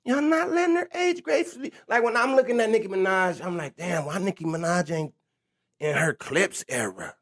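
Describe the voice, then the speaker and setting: A man's voice: high voice, animated, fairly quick, fairly bright tone. A young man ranting on a livestream, stammering and restarting his phrases, breaking off to laugh. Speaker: rapper on a livestream. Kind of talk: rambling livestream rant.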